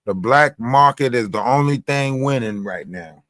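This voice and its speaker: Profane, animated male livestream host. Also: mid-range voice, measured pace, no echo, studio quality. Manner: profane, animated storytelling with mimicked quotes. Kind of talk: casual livestream commentary.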